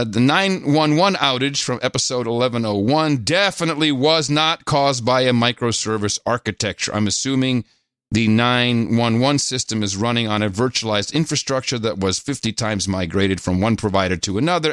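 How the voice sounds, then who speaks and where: A man hosting, halting, dry close sound. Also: mid-range voice, fairly bright tone, dry recording. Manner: halting, many filler pauses. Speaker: podcast host. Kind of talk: casual chat, reading listener donations.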